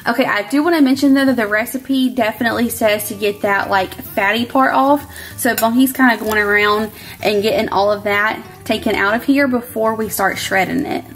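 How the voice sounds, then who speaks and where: A chatty woman talks through a recipe in her home kitchen, bubbly and full of "like"s. Her voice sits a little high, and soft music plays faintly behind her. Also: fairly even intonation, moderate pace. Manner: bubbly, chatty, says "like" often. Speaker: cooking channel host. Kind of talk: casual cooking vlog chat.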